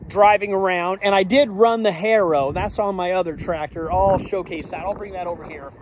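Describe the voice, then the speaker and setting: Middle-aged farmer guy vlogging outside, high voice, light wind and faint hum behind him. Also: moderate pace. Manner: chatty, explains as he goes, drifts off topic. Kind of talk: casual outdoor farm vlog. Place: outdoors in farm fields.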